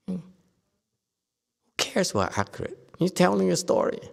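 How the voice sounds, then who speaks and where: A man teaching a Buddhist Dharma lecture, telling stories in a lively way and acting out the people he quotes. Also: mid-range voice, unhurried, vocal fry, pauses often, in a large hall. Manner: lively storytelling, acts out quoted speakers, laughs often. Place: Buddhist meditation hall.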